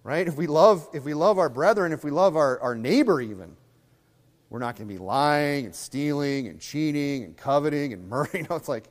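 A pastor delivering a conversational sermon, acting out little scenes in other voices. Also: male voice, on the high side, animated, brisk, long reverb tail.

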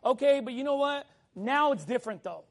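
A middle-aged male pastor preaching a sermon in a casual, animated way, telling a personal story and keeping in touch with his listeners. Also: extremely high pitch, fairly quick.

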